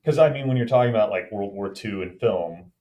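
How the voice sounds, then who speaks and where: Rambling low-voiced male podcast host. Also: dark tone. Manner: rambling, jokey, talks in quick bursts. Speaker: podcast co-host and game master. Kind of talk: casual podcast chat.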